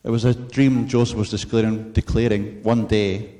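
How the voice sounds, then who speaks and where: A man preaching a sermon in an earnest, measured way, mixing in storytelling asides. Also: mid-range voice, little pitch movement, dark tone.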